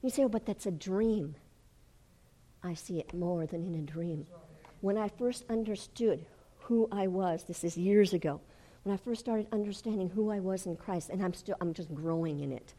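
An older woman preaching a testimony sermon in a fervent way, rising to loud declarations. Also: lowish voice, moderate pace. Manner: fervent, rises to shouting when retelling.

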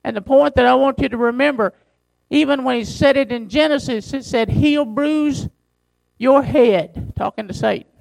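A man pastor preaching a sermon, reading scripture slowly and driving his points home with emphasis. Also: very high-pitched, vocal fry, no room sound, low-quality recording.

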